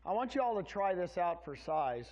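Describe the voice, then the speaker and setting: A man's voice: high-pitched, sing-song, normal speed, a little mellow. A middle-aged man giving a sales presentation to an audience, telling his story in a folksy way and speaking directly to the crowd. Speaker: real estate presenter. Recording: dull lo-fi sound.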